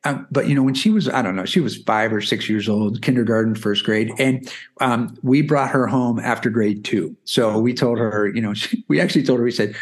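This podcast guest, a man in his forties who founded a math curriculum, speaks at medium pitch and a little fast. His explanations are conversational, sprinkled with plenty of "you know" and "right?".

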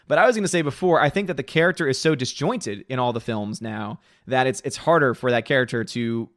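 A man's voice: mid-range voice, a bit bright, dry recording, studio quality. A man hosting a movie channel livestream, casually reading out viewer comments and giving opinionated, rambling answers from his room at home. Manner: opinionated, rambling, repeats words.

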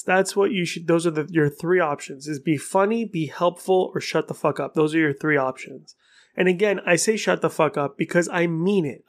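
Man, podcast host, young adult, slightly high voice, rambling, frank, swears for emphasis. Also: moderate pace. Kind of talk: casual solo podcast monologue.

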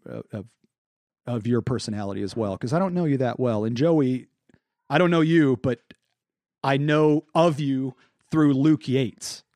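A man's voice: medium pitch, a little slow, a little mellow, dry recording. A man talking as a guest on a podcast, earnest and rambling with many restarts. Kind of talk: casual podcast chat.

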